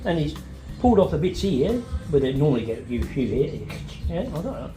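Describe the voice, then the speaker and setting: An older man tells a rambling, funny story over lunch, his voice swinging up and down as he acts out the people in it. He laughs through it in an echoey room. Loud music plays behind him. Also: on the high side, big pitch swings, fairly quick. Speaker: family member at lunch. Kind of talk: casual storytelling.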